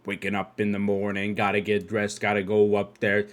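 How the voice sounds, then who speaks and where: A young man telling a story casually on a podcast, cursing freely and breaking into loud excited bursts. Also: fairly low pitch, normal speed. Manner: animated, profane, swings into loud excited outbursts. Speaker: podcast host.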